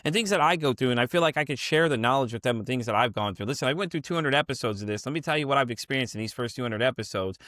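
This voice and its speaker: A man hosts a podcast, talking at a breakneck clip and piling up "you know" fillers as he rambles on. His voice sits at an ordinary middle pitch. The sound is close and dry, with no room around it. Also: animated, very fast, few pauses, a bit bright, dry recording. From Chicago area, USA. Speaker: podcast host. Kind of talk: casual conversational interview.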